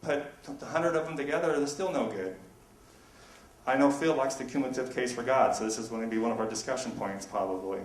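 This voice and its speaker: Male debater, argumentative and brisk; recorded from a distance in an echoey room. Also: mid-range voice. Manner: argumentative, brisk rhetorical back-and-forth. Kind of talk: public debate presentation. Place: university lecture room.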